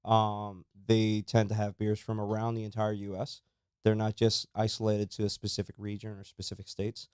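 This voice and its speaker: A man co-hosting a casual beer-tasting podcast, relaxed and chatty, with plenty of ums and uhs. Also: lowish voice, normal speed, clear, resonant tone, no room sound, studio quality. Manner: relaxed, chatty, says um and uh often. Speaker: podcast co-host.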